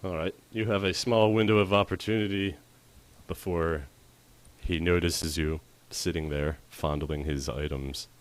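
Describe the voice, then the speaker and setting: A man running a tabletop game as dungeon master, chatty and quick with asides, often laughing. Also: sits low, fairly even intonation. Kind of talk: narrating a tabletop game on a livestream.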